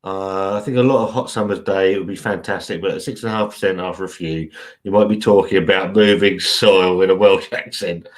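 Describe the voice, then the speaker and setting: A man's voice: low voice, fairly even intonation, fairly quick. A man, chatting casually and rambling on a live stream, swearing freely. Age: 40s.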